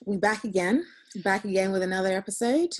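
A young woman co-hosts a podcast in relaxed, casual conversation. Her voice has a husky, breathy edge, and she speaks softly and easily, with frequent giggles. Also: medium pitch, brisk. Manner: giggly, easygoing, soft-spoken. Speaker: podcast co-host. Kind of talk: casual chat.

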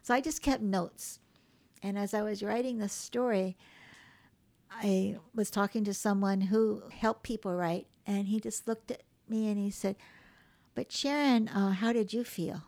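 A woman author from Hawaii telling lively stories about her mother in a casual interview, acting out the voices of the people in them. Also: mid-range voice, a little slow, creaky. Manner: animated storyteller acting out quoted voices. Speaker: memoir author, guest.

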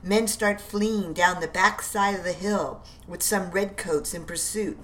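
A woman narrating a historical war drama aloud in a deliberate reading voice. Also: on the low side, fairly bright tone.

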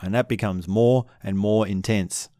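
A man calmly teaching about relationships in an unhurried, reflective way, sometimes acting out what couples say. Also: fairly low pitch, dry recording. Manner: calm, unhurried, acts out quoted couples.

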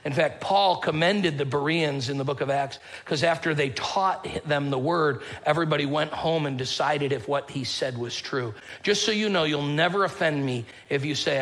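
Male pastor, slightly high voice, casual joking sermon delivery. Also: normal speed, few pauses, fairly bright tone, poor audio. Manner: conversational, joking storyteller with a casual drawl.

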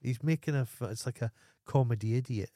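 A man's voice: medium pitch, brisk, mellow, no room sound, studio quality. A Scottish man co-hosting a podcast in casual chat, ranting emphatically and swearing freely. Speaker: podcast co-host.

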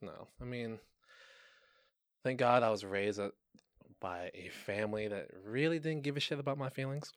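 A young man in casual podcast chat, swearing freely and laughing often, his voice jumping high when excited. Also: normal speed, long pauses, no echo, studio quality. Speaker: podcast co-host.

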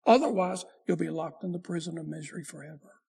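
Raspy high-voiced preaching pastor. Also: male voice, darkish tone. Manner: preaching with emphatic rises and slow drawn-out phrases. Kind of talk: sermon.

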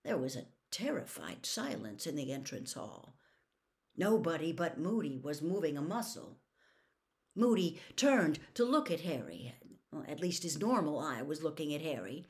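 A woman reading a novel aloud as a storyteller, in an unhurried, expressive manner. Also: sits low. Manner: unhurried, expressive, swinging intonation.

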